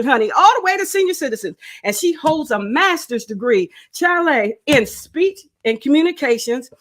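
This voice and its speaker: Woman, high voice, livestream host, effusive, calls everyone honey, home webcam mic. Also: a bit bright. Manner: exuberant, calls viewers honey, breaks into song. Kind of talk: live stream chat.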